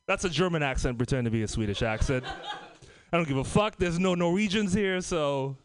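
A man from Trinidad and Tobago doing a stand-up comedy set, loud and profane, laughing through his lines. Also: high voice, lively intonation, moderate pace.

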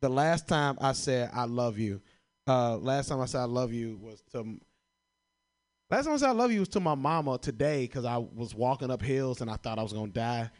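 A man's voice: medium pitch, moderate pace, darkish tone. A young man from Chicago doing stand-up comedy, swearing often and laughing at his own jokes. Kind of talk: stand-up comedy answering prompts.

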